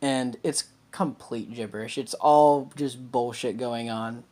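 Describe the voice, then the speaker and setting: A man's voice: medium pitch, steady tone, slow, darkish tone. A man co-hosting a casual podcast, telling a long story with plenty of fillers and restarts. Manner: rambling, filler-heavy storytelling. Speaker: podcast co-host.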